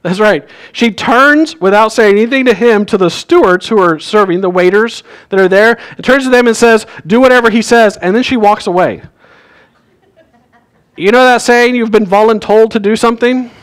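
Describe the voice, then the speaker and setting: Man, pastor, high voice, conversational sermon, church. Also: moderate pace, clear, resonant tone. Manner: conversational storytelling, acts out quoted lines. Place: church sanctuary.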